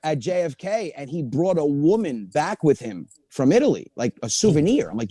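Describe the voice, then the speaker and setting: A male comedian guest telling animated family stories in a studio interview. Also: on the high side, normal speed, husky, no echo. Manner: animated storyteller. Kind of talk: studio interview, comic storytelling.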